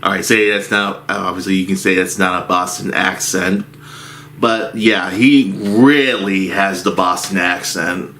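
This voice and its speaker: A man's voice: low-pitched, fairly even intonation, unhurried, bright, forceful tone, slight background noise. A man telling a rambling story from his movie theater job as a casual rant, with frequent restarts.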